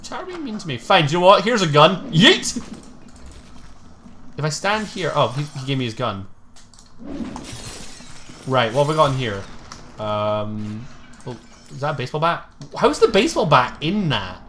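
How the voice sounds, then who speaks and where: Man, lively up-and-down voice, self-deprecating chat, game stream, faint noise behind. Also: fairly high pitch, moderate pace, pauses often. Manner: rambling storyteller, self-deprecating. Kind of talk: casual chat while gaming.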